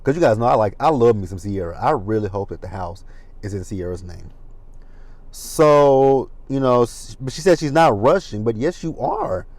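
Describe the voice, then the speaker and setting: A man's voice: mid-range voice, lively intonation, moderate pace, darkish tone, no room sound. Dry, chatty man recapping reality TV. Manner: chatty, gossipy, with frequent asides and profanity. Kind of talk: casual chat commentary.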